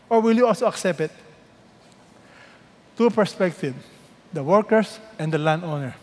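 A man with a Filipino accent preaching a sermon, animated and quizzing his congregation, playing out the voices of the people in the story. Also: sits high, a little slow, long pauses, big-room sound. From Philippines. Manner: animated, asks the congregation questions and acts out voices. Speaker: pastor.

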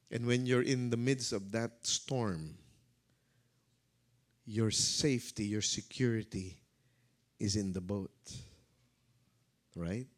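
A male pastor preaching a sermon, dramatic, swinging between loud calls and hushed words. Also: medium pitch.

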